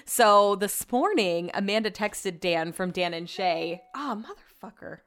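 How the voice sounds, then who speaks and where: Woman podcast host, smooth clear voice, casual and profane storyteller. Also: mid-range voice, slow. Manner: chatty, profane, animated retelling.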